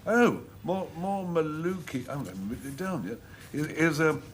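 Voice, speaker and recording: A man's voice: on the high side, very animated, normal speed, slight background noise. A man captaining a panel game team, talking in a hesitant, amused way.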